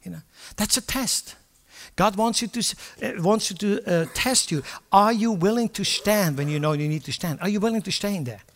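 An older man preaching a sermon with passion, moving from quiet asides to loud declarations. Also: high-pitched, moderate pace. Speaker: pastor. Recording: long hall reverb.

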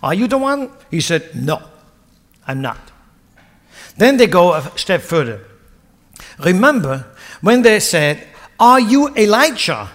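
A man preaches in a church hall, giving a dramatic sermon where he performs the voices of scriptural characters. The pitch is a little high and the tone a bit bright, with the hall's long reverb audible throughout.

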